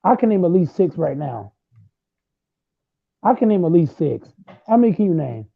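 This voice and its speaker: High, gravelly trash-talking man on a tinny line. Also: very animated, normal speed, no echo. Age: late 20s. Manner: loud, repetitive, trash-talking. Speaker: host. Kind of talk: heated casual sports argument. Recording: tinny phone-like sound.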